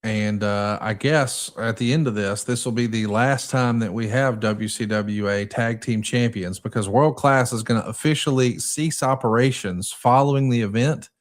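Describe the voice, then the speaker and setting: A man's voice: mid-range voice, steady tone, normal speed, few pauses. A man hosting a casual podcast, describing old match footage and asking his co-host questions. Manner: leads with questions, narrates footage.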